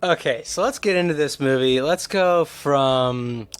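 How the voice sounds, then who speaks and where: A man's voice: a little high, unhurried, smooth. Chatty, jokey male podcast host. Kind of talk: casual podcast chat.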